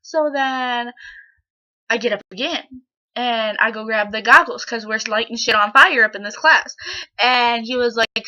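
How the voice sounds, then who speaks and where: A woman's voice: a little high, unhurried, pushed and bright. A teenage girl in her bedroom retelling a story to her camera in a rambling, casual way, full of fillers and quoted back-and-forth. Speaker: vlogger. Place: own bedroom, indoors. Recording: dull lo-fi home recording.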